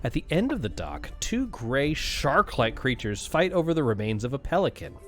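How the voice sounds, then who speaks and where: A man narrating as game master of a tabletop game, animated and quick to laugh. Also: medium pitch, soft background music.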